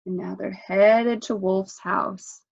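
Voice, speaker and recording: A woman librarian reading a picture book aloud at children's story time, expressive and asking the children questions, in a dull lo-fi recording. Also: medium pitch, takes it slowly, gravelly, breathy edge.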